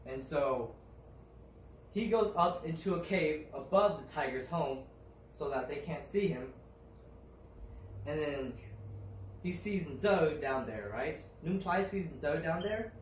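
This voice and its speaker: A young man retells a folk tale, pausing often and restarting his phrases. His voice sits a little high for a man. He is heard from a distance in an echoing room with faint ambience behind. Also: slight background noise. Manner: halting, with fillers and restarts.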